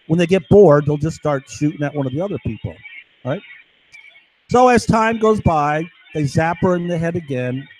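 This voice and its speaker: Man, husky voice, fairly high pitch, agitated profane rambling, live stream monologue. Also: expressive, moderate pace, darkish tone, rough recording. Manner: agitated, profane, keeps asking "right?".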